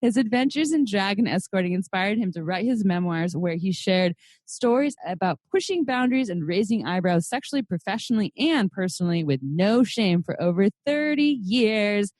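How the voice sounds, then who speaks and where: A woman's voice: medium pitch, lively intonation, normal speed, a little mellow, dry recording. Upbeat woman host in a dry room. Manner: upbeat, friendly introductions. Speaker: podcast host. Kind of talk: podcast hosting, reading a guest bio.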